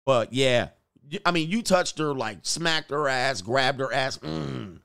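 With a mid-range voice, some vocal fry, and a slightly slow pace, a middle-aged man hosts a casual livestream recorded without room sound. He reads chat comments aloud and acts out quoted voices, animated, loose, and laughing frequently.

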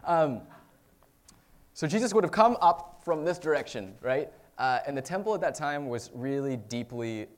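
A man preaching a sermon in a conversational way, with fillers and self-corrections, rising to loud emphatic peaks and dropping to quiet reflection. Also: medium pitch, animated, normal speed. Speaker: pastor.

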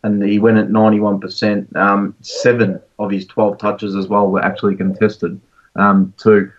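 A man co-hosting a podcast in casual chat, relaxed with lots of ums and restarts. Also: fairly low pitch, moderate pace, a little hiss or hum. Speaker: podcast co-host. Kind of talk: casual fantasy sports chat. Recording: distant, dull-sounding mic.

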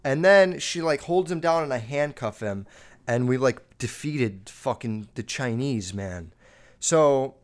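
A man hosting a podcast, telling a story in a rambling, foul-mouthed way, full of "like", his voice jumping up and down as he gets worked up. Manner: rambling, heavy swearing, lots of "like"; animated, jumping up and down in pitch while recounting. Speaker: podcast host. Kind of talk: casual storytelling monologue.

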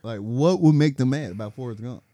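A man co-hosting a podcast in casual, expressive chat. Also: brisk, dry recording. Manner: expressive, swinging pitch, laughs often. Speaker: podcast co-host.

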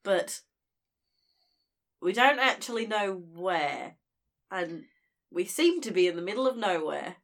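A woman's voice: mid-range voice, very animated, slow, long pauses. Chatty laughing woman player. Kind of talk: casual tabletop play.

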